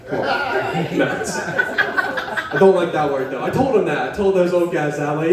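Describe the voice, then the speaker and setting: Young man, stand-up comic, slightly high voice, rambling, profane, self-deprecating, very echoey room, recorded from far off. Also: big pitch swings, normal speed, pauses often, over a noisy crowd. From West Virginia, US. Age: young adult. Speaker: stand-up comedian. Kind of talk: open-mic stand-up set. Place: coffee shop open mic. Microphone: camera set up in the room. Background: audience laughing.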